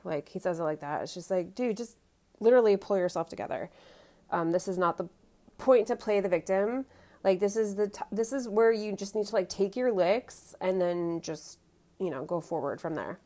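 This woman's voice is mellow and medium-pitched, at normal speed. She casually rehashes a reality TV reunion, sharing firm opinions and using lots of "um" and "you know."

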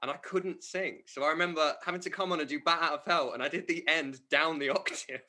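A man chats casually with castmates about stage mishaps. His voice is very bright and sits a little high. He tells his stories animatedly, laughing often as he goes. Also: fairly quick. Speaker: musical theatre cast member. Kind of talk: casual backstage chat.

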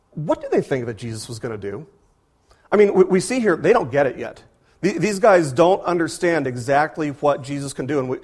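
A pastor preaching a sermon, animated and full of rhetorical questions, often repeating words as he goes. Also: a little high.

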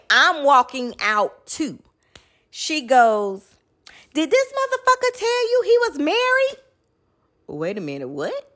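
A young woman telling a personal story in casual chat, lively and swearing freely. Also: medium pitch. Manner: animated, addresses listeners as y'all, swears freely.

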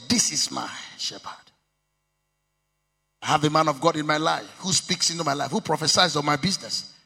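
A man with a Nigerian Yoruba accent preaching a sermon as pastor, mixing languages, with sing-song emphasis and sudden shouts. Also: on the high side, fairly quick, gravelly, slightly rough. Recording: long reverb of a hall.

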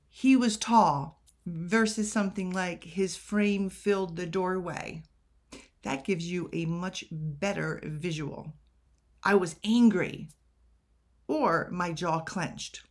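Slow, chatty woman teaching writing. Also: medium pitch. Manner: chatty, rhetorical questions, self-deprecating asides. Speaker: writing coach. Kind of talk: casual editing tutorial.

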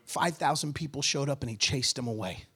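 A man preaching a sermon as pastor, impassioned and rising to shouts at his peaks. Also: medium pitch, fairly quick, breathy edge.

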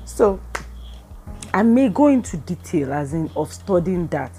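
A woman with a Nigerian accent giving a casual devotional talk. She speaks with lively energy, acts out bits of dialogue, and drops in pidgin phrases. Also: fairly low pitch, a little slow, soft background music. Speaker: Christian speaker.

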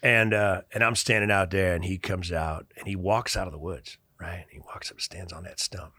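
Brief: forceful, lowish-voiced veteran in his forties, swaggering war-story teller, dry close sound. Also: moderate pace, hardly any pauses, no echo. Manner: animated and profane, laughing as he talks. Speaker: podcast guest, military veteran. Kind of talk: casual storytelling.

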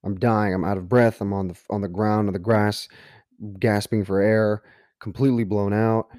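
A man's voice: on the low side, little pitch movement, normal speed, a little mellow, no echo, studio quality. A man hosting a podcast, telling a personal story in an earnest way that builds to emphatic motivational points. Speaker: podcast host.

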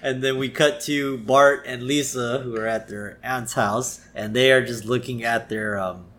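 A man's voice: medium pitch, steady tone, unhurried, a bit bright. Easygoing man narrating scenes with laughs. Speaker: podcast co-host. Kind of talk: casual episode recap chat.

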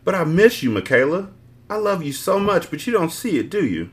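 A man's voice: fairly high pitch, very animated, fairly quick, pitched above the performer's own voice. A man doing a jealous, whiny young ex. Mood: pleading.

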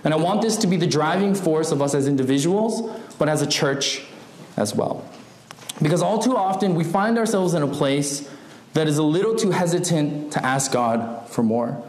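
A man's voice: a little high, normal speed, a little hiss or hum. Guy preaching a sermon, bouncy sing-song delivery, lots of uh and right, roomy church sound. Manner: lively, asks the audience questions, many fillers. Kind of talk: sermon with storytelling.

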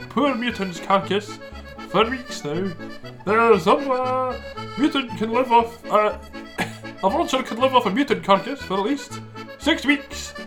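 A man's voice: high voice, voice pushed up. A man putting on an old man voice, playing a rambling reporter wandering a wasteland. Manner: rambling, chuckling.

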